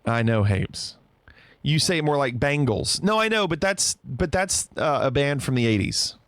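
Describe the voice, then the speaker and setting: A man's voice: medium pitch, sing-song, normal speed, fairly bright tone, dry recording. A man streaming live, chatting casually and playfully with his viewers. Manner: playful, bantering about pronunciation.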